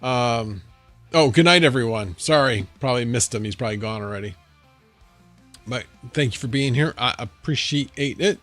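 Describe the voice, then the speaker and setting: A man's voice: mid-range voice, moderate pace, a bit bright, soft background music. Rambling man chatting on a livestream. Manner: rambling, answering chat, thinking aloud. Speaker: livestream host. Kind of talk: casual livestream chat. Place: home.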